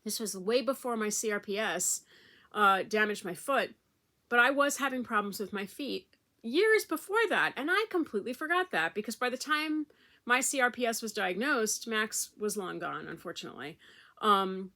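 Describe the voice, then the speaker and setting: A woman's voice: a little high, lively intonation, moderate pace, bright, forceful tone. A middle-aged woman vlogger chatting casually to camera, telling a rambling personal story with fillers and restarts.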